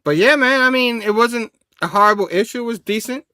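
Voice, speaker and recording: A man co-hosting a comic review show, relaxed and chuckling, with many fillers, over a video call. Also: extremely high pitch, brisk, clean tone, no echo, clean studio sound. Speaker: comic book show co-host. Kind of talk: casual review chat.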